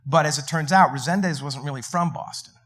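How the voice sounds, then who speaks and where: A man on a film panel, telling lively anecdotes with quick asides and laughs. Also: a little high. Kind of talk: panel discussion storytelling.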